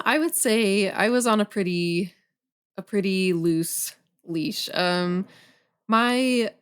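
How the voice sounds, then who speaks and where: Young adult woman, low-ish voice, loose podcast-guest chatter full of fillers. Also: clean tone. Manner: relaxed, many fillers like "um" and "like". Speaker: guest horror journalist. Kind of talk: casual podcast chat.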